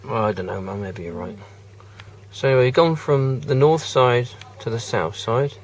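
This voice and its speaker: A man's voice: mid-range voice, moderate pace, low-quality recording. A man giving a casual, teasing commentary while driving, repeating silly catchphrases from inside a moving car. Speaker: vlogger filming a drive. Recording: loud road and engine noise.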